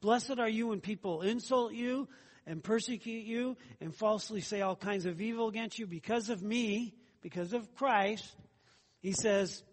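High-voiced man preaching in a reverberant hall. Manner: earnest, repeats phrases, conversational asides. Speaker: pastor. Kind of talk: sermon.

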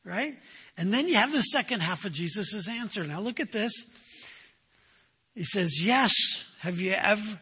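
A man's voice: sits high, animated, unhurried, pushed and bright, slightly rough, big-room sound. A man preaching a sermon, emphatic, asking rhetorical questions and answering them himself. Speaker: pastor.

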